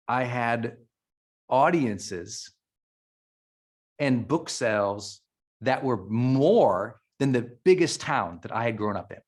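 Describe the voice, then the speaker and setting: A middle-aged man from Montana giving an emphatic, emotional motivational speech to a live audience, often restarting his sentences. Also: mid-range voice. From Montana, USA. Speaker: keynote speaker.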